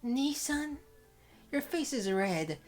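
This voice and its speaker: A man voicing a proper, sharp-eyed younger sister in a visual novel, prim and questioning. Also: very high voice, big pitch swings, slow pace, soft background music, pitched above the performer's own voice, heavily acted. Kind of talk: reading visual novel lines aloud.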